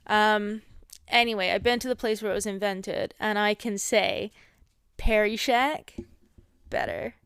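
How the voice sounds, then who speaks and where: A woman's voice: mid-range voice, steady tone, a little slow, fairly bright tone, clean tone, dry recording, studio quality. A woman co-hosting a casual podcast chat, teasing her co-host and laughing often.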